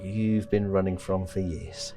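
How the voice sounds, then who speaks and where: A man narrating as game master of a tabletop role-playing game in a relaxed, laughing way. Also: deep voice, a little slow, music in the background.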